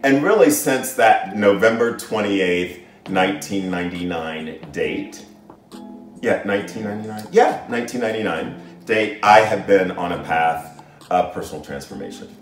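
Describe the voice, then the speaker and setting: Middle-aged man, low voice, earnest and reflective storyteller; recorded off-mic in an echoey room. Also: moderate pace, distant mic. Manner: earnest and reflective, with frequent restarts. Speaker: guest, the host's father. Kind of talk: personal story in casual conversation. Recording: echoey room, voice off-mic, faint music behind.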